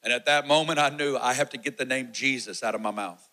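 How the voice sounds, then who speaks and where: A man in his forties preaching a sermon testimony, telling his story with animated energy and acting out the shouts and quotes. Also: mid-range voice, fast talker, low-quality recording.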